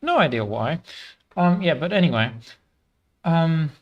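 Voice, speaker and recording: A man's voice: on the high side, very animated, unhurried, muffled recording. A man hosting a casual gameplay stream, talking in a rambling way with many fillers and restarts.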